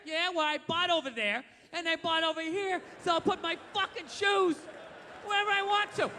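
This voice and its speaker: A man's voice: extremely high pitch, moderate pace, big-room sound, noisy background. A man performing a stand-up comedy set on a live stage mic, blunt, profane and ranting with sarcasm.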